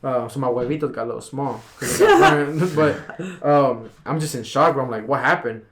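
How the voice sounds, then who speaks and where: A young man chatting on a podcast, spinning a long, rambling story in a mid-pitched voice. He talks casually and with energy, dropping "bro" into nearly every sentence. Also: moderate pace. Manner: rambling, animated, says "bro" constantly. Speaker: podcast guest.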